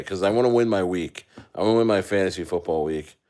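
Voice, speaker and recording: A man's voice: low voice, quick pace, a little mellow. A man talking casually on his crypto livestream, rambling and joking with frequent profanity and laughter.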